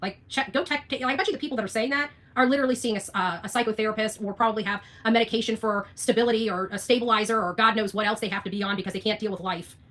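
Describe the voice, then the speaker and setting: A woman's voice: mid-range voice, steady tone, very fast, few pauses, a bit bright. A woman vlogger ranting to her viewers in a blunt, profane, sarcastic way. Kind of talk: ranting livestream vlog.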